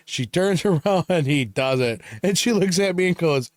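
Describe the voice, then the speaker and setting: A man's voice: a little high, animated, moderate pace, no room sound, studio quality. A young man co-hosting a casual chat, telling work stories and laughing often as he talks. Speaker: podcast co-host.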